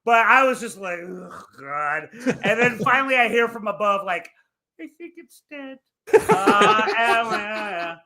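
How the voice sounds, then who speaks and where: A young adult man co-hosting a podcast, telling crude stories in casual comedic chat, animated and laughing as he goes. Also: high-pitched, moderate pace. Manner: animated, swearing storyteller who laughs through his tales. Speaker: podcast co-host.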